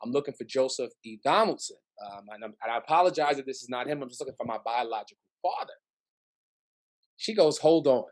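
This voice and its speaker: A man's voice: medium pitch, quick pace. A man from the Bronx, a podcast guest telling a personal story in casual chat, acting out the voices of the people in it. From the Bronx, New York. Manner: animated, acts out voices in his stories.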